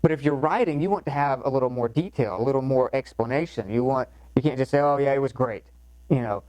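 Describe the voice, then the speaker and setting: A man gives a recorded writing lesson, explaining points in a relaxed, conversational way and circling back with fillers and restarts. His voice sits at an ordinary middle pitch. The sound is close and dry, with no room echo. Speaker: course instructor. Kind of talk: recorded lecture.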